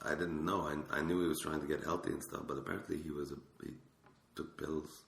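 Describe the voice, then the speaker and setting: A man with a French accent chatting as a guest comedian on a podcast, sick and hungover, with wry, low-key humor. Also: steady tone, fast talker, gravelly, fairly bright tone. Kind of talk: casual podcast chat. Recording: echoey room, faint noise.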